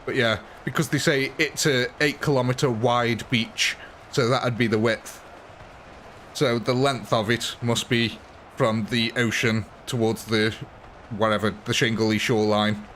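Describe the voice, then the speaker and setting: A man's voice: mid-range voice, fairly even intonation, unhurried, a bit bright, a little hiss or hum. A man giving chatty, amused live commentary on a strategy game while thanking viewers and answering chat. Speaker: game streamer.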